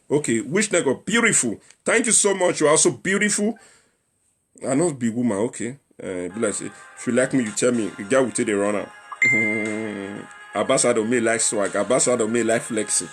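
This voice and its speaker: A man's voice: mid-range voice, moderate pace, a bit bright, husky, soft background music. A young man with a Nigerian accent hosting a casual livestream talk show, chatting and repeating himself as he appeals to viewers and slips into Pidgin. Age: young adult.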